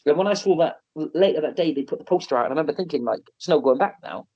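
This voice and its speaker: A man telling animated, self-mocking stories on a podcast, often restarting and laughing. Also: a little high, racing, slightly rough. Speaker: wrestler and wrestling promotion owner. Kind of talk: podcast interview storytelling. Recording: slightly muffled podcast audio.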